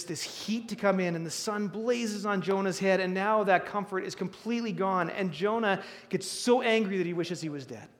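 A man preaching a sermon in a conversational way, with restarts and sudden rises in emphasis. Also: high-pitched. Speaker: pastor. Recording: long reverb of a hall.

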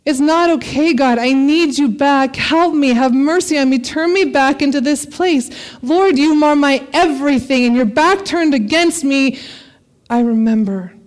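A woman's voice: high-pitched, a little slow. A woman preaching a sermon, a parent, reading scripture with dramatic expression and light laughter. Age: adult parent.

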